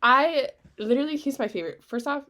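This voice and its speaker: A woman co-hosting a casual podcast, talking in an animated way, swearing freely, often trailing off and starting over. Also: sits high, quick pace. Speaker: podcast co-host. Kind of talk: casual chat.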